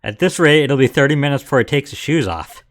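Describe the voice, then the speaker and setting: A man's voice: medium pitch, expressive, quick pace. Laid-back man chatting over game. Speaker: streamer playing a game. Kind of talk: casual chat and reading dialogue aloud. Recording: faint music behind.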